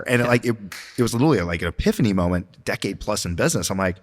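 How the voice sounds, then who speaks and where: Deep-voiced motivational man in a reverberant room. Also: lively intonation, very fast. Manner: earnest, motivational, filler-heavy. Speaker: podcast guest, business owner. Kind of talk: casual interview talk.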